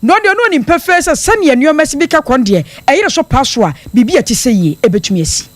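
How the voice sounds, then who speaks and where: A radio news reporter delivering a steady, narrative report. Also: high-pitched, fast talker, no room sound.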